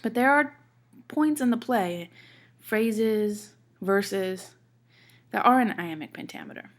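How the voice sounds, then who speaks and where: A woman with a medium-pitched voice and lively intonation speaks slowly as she lectures a class on poetry. She explains things step by step, checks in with her listeners, and reads verse aloud with marked stresses.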